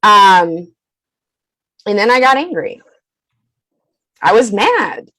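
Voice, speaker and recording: A woman guest on a podcast, talking candidly in an animated, profane, emphatic way and laughing often. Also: mid-range voice, slow pace, rough recording.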